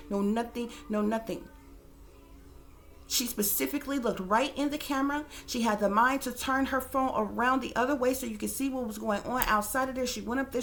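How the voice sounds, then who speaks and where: A woman's voice: on the high side, a bit bright. A woman hosting her channel as a psychic reader, giving casual commentary with emphatic, repeated "okay?" checks and casual swearing.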